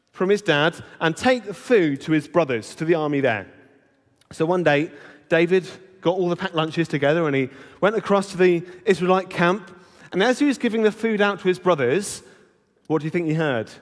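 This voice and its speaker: A man giving an animated Bible talk at a children's holiday club, asking the children questions as he goes. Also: sits high. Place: church hall. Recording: reverberant hall.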